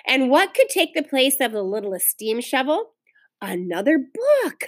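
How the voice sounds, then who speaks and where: A woman teacher reading a children's novel aloud to her class, pausing to talk to the children. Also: high voice. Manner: expressive storytelling, pauses to explain to children.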